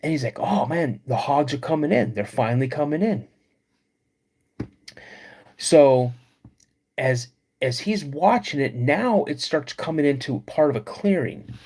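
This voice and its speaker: A man hosts a live podcast and tells an eerie story in an unhurried, drawn-out way. His voice is husky. He pauses for suspense and addresses his chat directly. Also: medium pitch, a little mellow. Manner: slow, suspenseful retelling with dramatic pauses. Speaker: podcast host.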